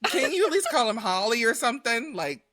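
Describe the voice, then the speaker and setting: An animated woman co-hosting a podcast, her bright, ringing voice swinging widely up and down. She chats casually, laughs often and squeaks up high when she acts out what others said. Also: a little fast, no room sound, clean studio sound. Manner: animated, laughing, jumps to high pitch acting out quotes. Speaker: podcast co-host. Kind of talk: casual chat.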